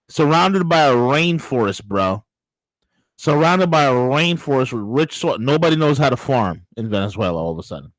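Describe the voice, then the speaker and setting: A man co-hosting a political talk show, telling stories in a mocking, crude, animated way. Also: fairly high pitch, a little fast, no echo, poor audio. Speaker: co-host.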